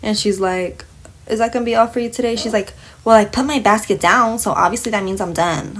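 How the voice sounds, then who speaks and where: Fast-talking and expressive, with a fairly high pitch and a breathy edge, a young woman relays a work story during her makeup routine. She's blunt and outraged, cursing freely and acting out what everyone said.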